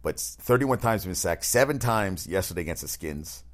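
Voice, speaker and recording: A man's voice: sits low, expressive, fairly quick. A man hosting a casual talk show, rambling bluntly and swearing through sports and TV opinions. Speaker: show host. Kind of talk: casual chat.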